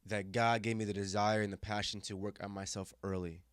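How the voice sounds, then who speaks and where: Guest, young man from Germany, lowish voice, animated and emphatic, dry close mic. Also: a little fast, smooth, dry recording. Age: 20s. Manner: animated, emphatic, acts out quoted voices, frequent restarts. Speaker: podcast guest. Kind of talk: casual storytelling conversation.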